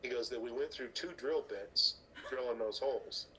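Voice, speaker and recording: A middle-aged strongman athlete, guesting on a podcast, tells stories in a casual chat with a mid-range voice at moderate pace. The low-quality recording carries slight background noise. He animatedly acts out other people's lines, swears casually, and laughs at his own stories.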